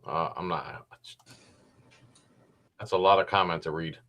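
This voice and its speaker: A man's voice: sits low, a little slow, lo-fi sound. A man hosting a show, giving casual commentary on a video with rambling, sarcastic asides. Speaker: host.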